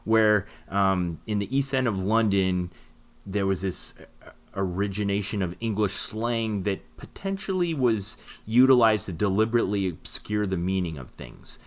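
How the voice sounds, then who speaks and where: A man's voice: on the low side, animated, normal speed. A man co-hosting a podcast, explaining things in a rambling casual way with many fillers. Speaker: podcast co-host.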